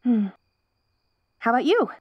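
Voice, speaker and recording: A woman's voice: fairly high pitch, big pitch swings, unhurried, breathy edge, dry recording, muffled recording, exaggerated voice. A young woman voicing a perky, curious wolf girl in an ASMR role-play, bubbly and giggly with restless chatter.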